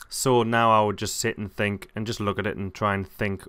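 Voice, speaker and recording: A man hosting a casual software tutorial, rambling and correcting himself as he thinks aloud. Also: lowish voice, flat delivery, brisk, smooth, dry recording. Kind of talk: casual screen-recorded tutorial.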